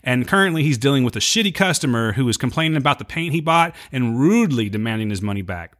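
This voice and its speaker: A man's voice: mid-range voice, fast. A man co-hosting a podcast, casually recapping an episode and acting out lines from it. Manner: animated retelling, acts out quotes. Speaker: podcast co-host.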